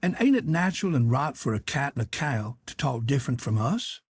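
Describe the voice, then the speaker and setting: Storybook figure: a curious, earnest boy, read by a man, husky and dry. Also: mid-range voice, sing-song, a little fast, no room sound. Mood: reasoning. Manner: earnest questioning. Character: curious young boy, patient and reasoning.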